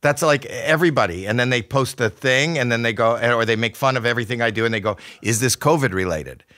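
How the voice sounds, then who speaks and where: An older man, a podcast guest, talking in casual chat, flustered and halting with many restarts. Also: medium pitch, sharp tone. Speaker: celebrity guest.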